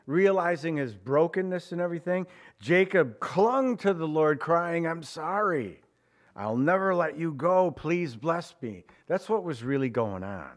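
A man preaching a sermon, moving between raised, emphatic phrases and quiet, slowed ones, and voicing prayers and quoted speech in his own voice. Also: fairly high pitch. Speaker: pastor.

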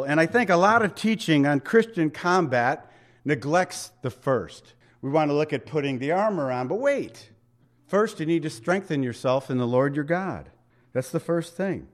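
A man preaching a sermon in a conversational, emphatic way, asking the congregation rhetorical questions. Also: fairly high pitch. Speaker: pastor.

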